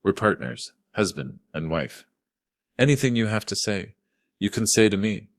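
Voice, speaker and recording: Brief: man playing a menacing, silky wife, sharp-tongued, dry close mic. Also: fairly low pitch, animated, normal speed, no room sound, pitched above the performer's own voice, lightly acted. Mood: cold. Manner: purring, sharp. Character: cold scheming young wife, smooth and menacing.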